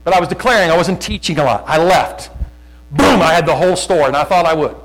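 Middle-aged guy preaching hard, gets loud, stumbles and repeats himself, hum in the background. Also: fairly high pitch, quick pace. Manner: fervent, loud, repeats words, shifts to sudden loud bursts. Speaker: pastor. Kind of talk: sermon.

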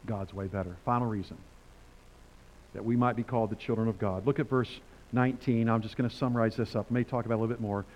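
An older man preaching a sermon in a conversational, animated way, reading scripture and acting out quotes. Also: fairly low pitch, fast, dull audio.

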